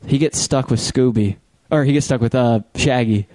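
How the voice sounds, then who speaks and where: A man talks casually as a podcast co-host at an ordinary middle pitch. He laughs often and slips into character impressions while retelling cartoon episodes. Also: moderate pace, dark tone. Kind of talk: casual chat.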